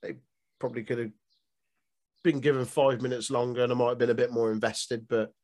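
A man of middling pitch chats casually as a podcast co-host. He mostly agrees and adds short, dry comments. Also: flat delivery, a little fast, a little mellow.

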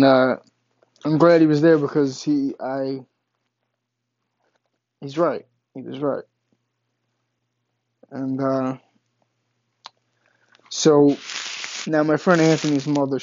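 A man tells a rambling story in a casual, swear-heavy way, often stalling and restarting his sentences. His voice sits at a middling pitch. The recording sounds a little dull and muffled. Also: vocal fry, a little mellow. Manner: profane, rambling, frequent restarts and stammers.

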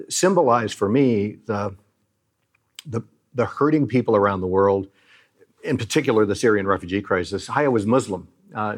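A middle-aged man who leads a Christian aid charity, speaking earnestly and like a preacher as he tells moving stories in an interview. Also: fairly low pitch.

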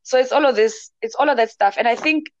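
A woman's voice: fairly high pitch, quick pace, no room sound, muffled recording. A woman talking passionately and emphatically in a casual discussion, speaking as an advocate for emotional health. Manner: passionate and emphatic, mixes in local words.

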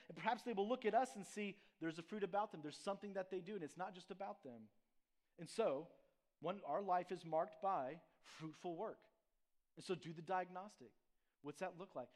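A man's voice: high-pitched, fairly quick. A man preaching a sermon as a church pastor, in a conversational manner with frequent asides and restarts.

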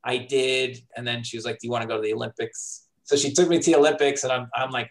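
Middle-aged New comic, storytelling in an interview, mid-pitched and animated, acts out his quotes. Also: fairly quick, poor audio. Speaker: comedian and comedy writer. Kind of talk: casual storytelling in a podcast interview.

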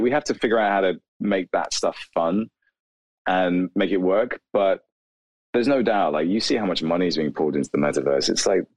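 A man, a video creator, talking casually in an interview with many "like" fillers and animated asides. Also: lowish voice, no room sound, poor audio. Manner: rambling, animated, lots of "like" fillers.

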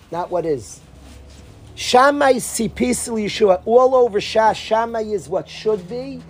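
Animated man giving a Torah talk. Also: sits high, husky, rough recording. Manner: animated storytelling, acting out quoted people; sprinkles Yiddish and Hebrew terms. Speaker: Torah teacher.

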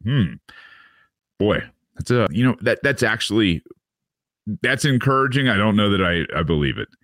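A man's voice: lowish voice, lively intonation, normal speed, a bit bright, no room sound, studio quality. A man reading a news article aloud and adding sardonic asides, with repeated words and fillers. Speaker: podcast host reading and commenting on a news article. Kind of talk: casual commentary with read-aloud passages.

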